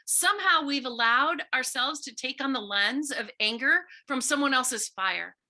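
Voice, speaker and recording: A woman's voice: sits high, expressive, a little slow, sharp tone. A middle-aged woman author giving an earnest, storytelling talk to schoolchildren, sometimes acting out quoted voices. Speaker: visiting author speaking to students.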